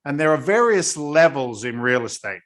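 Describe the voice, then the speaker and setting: A man's voice: fairly high pitch, very animated, normal speed, fairly bright tone. A man, a guest in a casual interview, telling his story bluntly and with animation. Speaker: guest, real estate investor.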